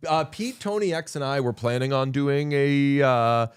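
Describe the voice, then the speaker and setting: Smooth-voiced man hosting a casual chat. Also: mid-range voice, animated, normal speed, no echo. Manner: rambling, self-correcting, jokey. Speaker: podcast host.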